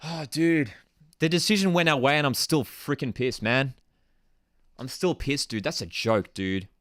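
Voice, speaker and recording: Guy, young, live football watchalong host, fed-up ranting, mid-pitched voice, dry close sound. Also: expressive, normal speed, fairly bright tone, no room sound. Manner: exasperated, ranting, casual slang. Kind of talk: live watchalong commentary, reading chat.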